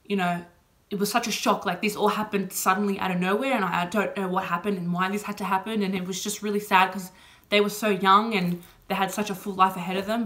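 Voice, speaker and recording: A woman's voice: medium pitch, a bit bright. Young Aussie woman, vlog Q&A, open and emotional, lots of filler words. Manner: chatty, heavy on "like" and "you know" fillers. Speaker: vlogger. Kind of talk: casual personal Q&A.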